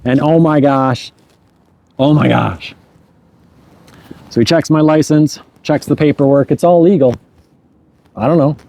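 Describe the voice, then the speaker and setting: Man in a casual spoken story, warm and mellow tone, pitched a little high, laughs at himself, trips over words. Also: gravelly. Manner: chuckles at his own mishaps, repeats words in rushes.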